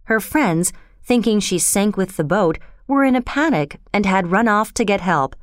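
A woman narrating a storybook in a calm, measured reading voice. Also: mid-range voice, dry recording, studio quality.

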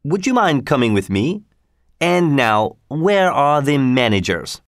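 A man's voice: mid-range voice, sing-song, measured pace, no echo, studio quality, voice pushed up. A man voicing a hearty, courteous male police inspector with an effusive, formal manner.

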